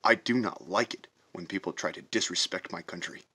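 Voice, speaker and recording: A man in a profane, confrontational patriotic rant for a reaction video, hammering his points with slow drawn-out stresses. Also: low voice, sharp tone, husky. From United States. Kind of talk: heated patriotic rant to camera.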